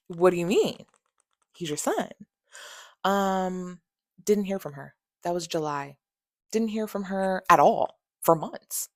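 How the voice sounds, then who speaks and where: A woman's voice: on the low side, no echo, studio quality. A woman in her thirties telling a personal story in a vlog, candid, exasperated and sarcastic, swearing freely. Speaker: vlogger.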